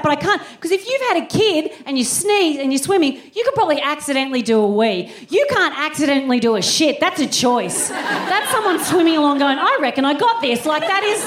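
A sardonic woman works a live theatre crowd with a stand-up set on a handheld mic, punchy and sweary, trading quips with the audience. Her voice sits a little high. The sound is roomy, with the buzz of the audience clearly behind her. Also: background noise. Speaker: stand-up comedian and podcast host. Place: theatre stage before a laughing audience.

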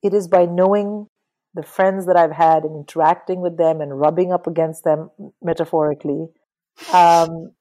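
A middle-aged woman talking casually about books in an interview, animated and swearing freely. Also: low voice, rough recording. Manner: animated, swears, mimics people in quotes. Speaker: guest.

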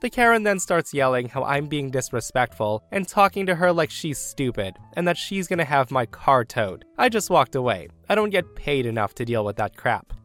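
Guy reading reddit stories, super expressive and sarcastic, little bit of music under it. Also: medium pitch, moderate pace, few pauses. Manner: animated, chatty and sarcastic. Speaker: host narrating reddit stories. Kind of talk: storytelling narration.

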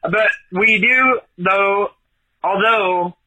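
Man from Oregon, high-pitched voicemail caller, rambling and teasing. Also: drawn-out words, bright, forceful tone, low-quality recording. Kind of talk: joking voicemail.

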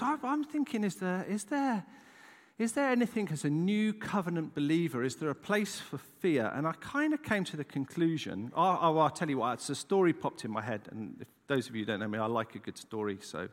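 A man's voice: fairly high pitch, fairly bright tone. Chatty, self-deprecating male preacher. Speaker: pastor. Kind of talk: sermon storytelling. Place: church. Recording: long reverb of a church hall.

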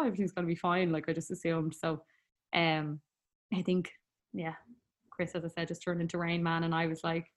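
A young woman with an Irish accent recounts her story as an interview guest in an easy, chatty way. Her talk runs on with fillers, and she breaks into laughter often. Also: on the low side.

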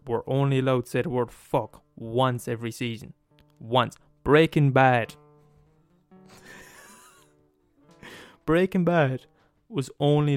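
Male podcast host, mid-pitched, sweary comic rant with faint guitar music underneath. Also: dry recording. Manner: profane, emphatic, laughs at his own points. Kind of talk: comedic rant.

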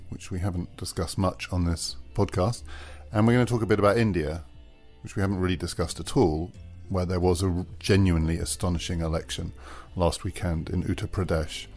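Deep-voiced man hosting a podcast. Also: darkish tone. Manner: thoughtful, hedging with "I mean". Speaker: podcast host. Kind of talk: panel discussion and sign-off.

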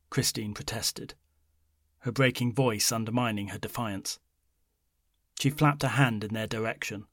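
A man narrating a scripted horror story in a measured, low-key storytelling manner. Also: steady tone, no room sound, clean studio sound.

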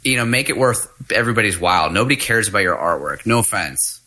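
A man's voice: fairly low pitch, animated, quick pace, pushed and bright. A man co-hosting a casual gaming podcast, chiming in bluntly with jokes and swearing. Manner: blunt, profane, joking. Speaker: podcast co-host. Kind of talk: casual gaming news chat.

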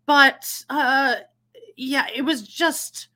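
A woman co-hosting a podcast over a video call, chatting casually and animated, often laughing and trailing off mid-sentence. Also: high voice, drawn-out words. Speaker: podcast co-host. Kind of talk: casual chat.

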